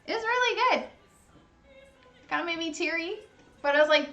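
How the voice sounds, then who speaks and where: Very high, bright-voiced chatty woman. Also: expressive, moderate pace, faint music behind. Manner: gushing, chatty, lots of "like". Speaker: livestream host. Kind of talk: casual chat while eating.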